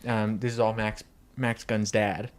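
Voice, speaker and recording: A man co-hosting a comedy podcast, improvising a story in a rambling, laughing way and jumping into squeaky voices, recorded on a handheld recorder. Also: level tone, unhurried. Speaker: podcast co-host.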